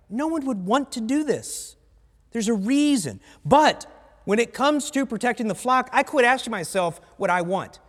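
A man's voice: high-pitched, slightly rough, big-room sound. A male pastor from the United States preaching a sermon bluntly, with conversational asides to his congregation. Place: church sanctuary.

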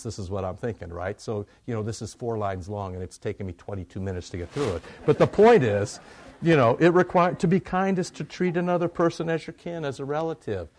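A man's voice: mid-range voice, darkish tone. A man preaching a sermon in a conversational way, often asking questions and answering them himself.

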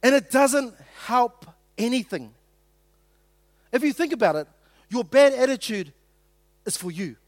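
A man's voice: very high voice, animated, measured pace, long pauses, dry recording, studio quality. A middle-aged man preaching a sermon in a conversational, joking way, acting out quotes. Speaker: pastor.

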